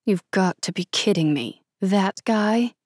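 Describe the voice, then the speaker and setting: A cocky young man with a low, smug drawl, as a woman narrator puts him on. He takes his time, teasing and guarded. The voice sits close and dry, with no room around it. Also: slow pace, no echo.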